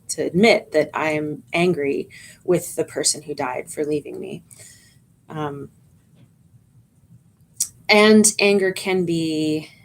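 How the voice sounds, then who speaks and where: A woman chaplain giving a gentle training talk to volunteers, calm and explaining, with frequent ums and restarts. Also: sits low, slight background noise.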